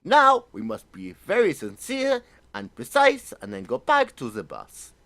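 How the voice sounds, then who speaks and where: A man doing a put-on German-accented racing driver, loud, stiff and over-precise. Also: extremely high pitch, huge pitch swings, measured pace, gravelly, voice pushed up, heavily acted. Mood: mock serious. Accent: mock German.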